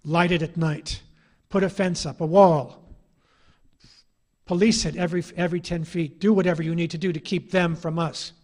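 A man's voice: on the high side, steady tone, moderate pace, a little mellow. A middle-aged man, an author giving an anecdotal public lecture, telling his stories with a wry, ironic edge.

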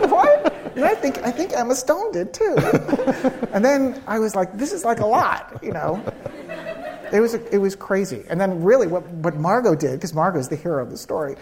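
Animated man telling stories onstage. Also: a little high. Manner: animated storyteller who acts out quotes with laughter. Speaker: screenwriter guest. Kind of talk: live onstage interview storytelling.

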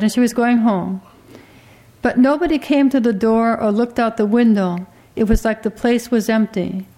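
A woman reading a literary story aloud as an audiobook narrator, in a measured, quietly dramatic way. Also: mid-range voice.

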